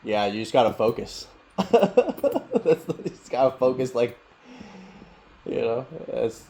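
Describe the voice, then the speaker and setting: A man teaching meditation in a casual Q&A over a video call, talking in a relaxed, rambling way and laughing often. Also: mid-range voice, moderate pace.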